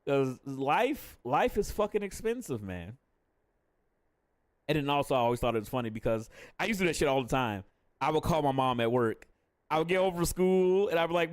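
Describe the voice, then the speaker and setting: A man's voice: fairly high pitch, lively intonation, fairly quick, clear, resonant tone, no echo, studio quality. Profane, candid man streaming live. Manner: profane, candid and laughing often. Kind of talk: casual live-stream chat.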